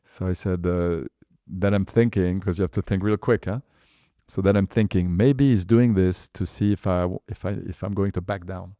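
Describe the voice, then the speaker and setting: A man's voice: deep voice, steady tone, normal speed, warm tone, dry recording, clean studio sound. A man in his fifties with a French accent, telling a business story in a chatty way full of fillers. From France. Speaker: guest entrepreneur. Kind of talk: anecdotal storytelling.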